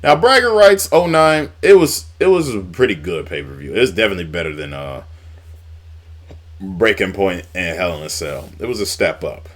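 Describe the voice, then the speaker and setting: A man's voice: sits low, expressive, normal speed, a bit bright. A man casually recapping old wrestling storylines, rambling and swearing now and then. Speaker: wrestling YouTuber.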